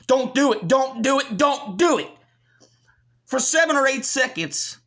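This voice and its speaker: A man's voice: very high voice, fairly bright tone. Angry, profane American man ranting. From United States. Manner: combative, profane, scornful ranting. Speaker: channel host. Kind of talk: ranting commentary.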